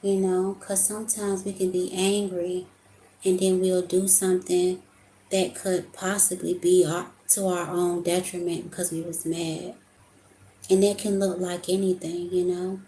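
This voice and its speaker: A woman's voice: on the low side, level tone, measured pace, mellow, slight background noise. A young adult woman giving an emotional, casual tarot reading, talking to her viewers as y'all. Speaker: tarot reader. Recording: echoey room with faint ambience.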